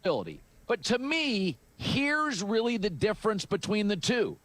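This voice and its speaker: A man delivers sports commentary in a played clip, arguing his point in a measured way with analogies. His high voice moves with lively rises and falls. The sound is dry and close. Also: no room sound. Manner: measured, argumentative, uses analogies. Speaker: sports analyst.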